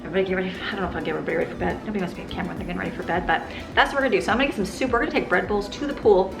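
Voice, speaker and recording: A woman's voice: on the low side, racing, creaky, music in the background. A woman in her thirties, a homeschooling mother, chatting earnestly and rambling in a casual vlog about faith and family, filmed on a handheld phone. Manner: earnest, rambling, laughs often. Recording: loud outdoor background noise.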